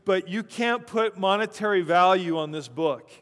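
A pastor giving a conversational sermon, with chuckling asides, in a church sanctuary. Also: male voice, high-pitched, normal speed, a bit bright. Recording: long church reverb.

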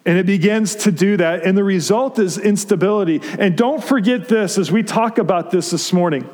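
High-voiced pastor preaching in a reverberant hall. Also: male voice, normal speed, a little mellow. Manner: conversational preaching with repeated restarts. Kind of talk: sermon. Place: church sanctuary.

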